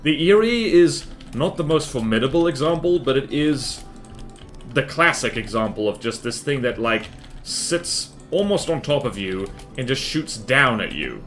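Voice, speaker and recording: A man streams a game live and chats casually with viewers in a loose, filler-heavy, self-deprecating ramble. His voice sits at an ordinary middle pitch. Faint music and keyboard typing play underneath. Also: sing-song, a little slow, a bit bright.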